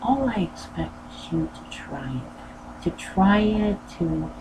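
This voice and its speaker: A low-pitched woman talks earnestly and rambles, looping back over the same phrases. There is steady, clearly audible noise behind her voice. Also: slow. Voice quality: low voice that does not go higher. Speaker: sewing channel host. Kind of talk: casual personal talk. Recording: noisy background.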